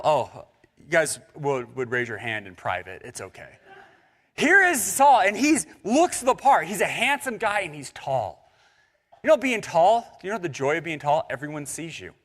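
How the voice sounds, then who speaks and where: Animated, high-voiced young male pastor preaching. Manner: animated and conversational, with jokes and asides to the congregation. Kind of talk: sermon. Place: church sanctuary.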